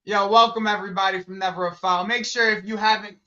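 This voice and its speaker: Male co-host, agitated football ranter, high bright voice, slightly dull recording. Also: fast. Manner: animated, swears a lot, rants. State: agitated, rattled. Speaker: podcast co-host. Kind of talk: casual football chat.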